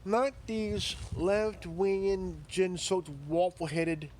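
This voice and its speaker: A man rants slowly and profanely, pressing each point with blunt, halting repetition. His speaking voice sits a little higher than most men's. He talks like a commentary vlogger who is cornering his audience. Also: a little mellow, a little hiss or hum. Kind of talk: ranting monologue.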